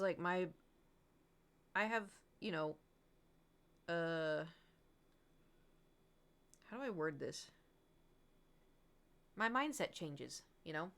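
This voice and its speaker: Smooth-voiced woman streamer chatting candidly. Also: on the low side, fairly bright tone. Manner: rambling, candid, swears freely, laughs often. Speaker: livestreamer. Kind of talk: casual chat.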